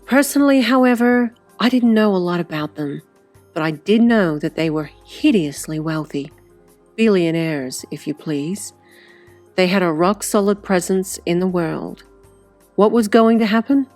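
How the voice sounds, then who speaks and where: A woman's voice: lowish voice, measured pace, a little mellow, soft background music. A woman reading a first-person story aloud as audiobook narrator, in a conversational style with wry asides.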